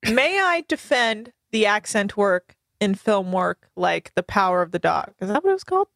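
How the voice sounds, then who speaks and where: A woman's voice: medium pitch, big pitch swings, normal speed, gravelly, fairly bright tone, no echo. A woman chatting as a podcast guest, rambling and poking fun at herself. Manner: rambling, self-mocking. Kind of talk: casual chat.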